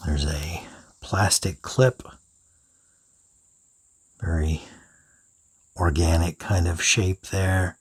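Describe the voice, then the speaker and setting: A man reviewing pens in an unhurried, thinking-aloud way, now and then dropping into soft whispered asides. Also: low voice, steady tone, husky, no echo, clean studio sound. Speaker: pen reviewer. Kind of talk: unscripted product review.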